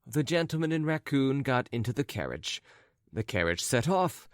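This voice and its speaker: In studio-quality audio with no room sound, a male narrator of medium pitch delivers scripted narration of a classic story, keeping his storytelling steady and measured.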